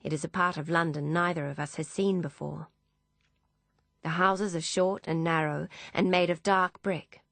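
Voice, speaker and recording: Low-voiced woman narrating an audiobook. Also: fairly even intonation, normal speed, creaky, fairly bright tone, dry recording. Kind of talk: first-person audiobook narration.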